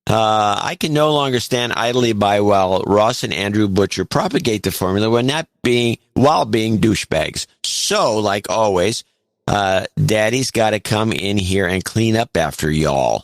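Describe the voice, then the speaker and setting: A man co-hosting a talk podcast, reading out listener notes with wry asides. His voice sits fairly low and is recorded very dry and close, with no room sound at all. He breaks off the notes to banter in a deadpan way. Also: normal speed, dry recording.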